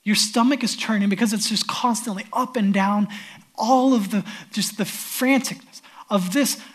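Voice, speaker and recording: A man's voice: high voice, moderate pace, a bit bright. Man preaching a vivid sermon. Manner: vivid storytelling, acts out scripture scenes. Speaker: pastor.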